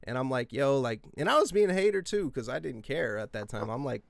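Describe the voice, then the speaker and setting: A man in his twenties telling rambling, profane stories in casual podcast chat, breaking into yelled quotes. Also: mid-range voice, a little fast, gravelly, no room sound. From US West Coast. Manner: rambling, profane, animated, yelling out quoted lines.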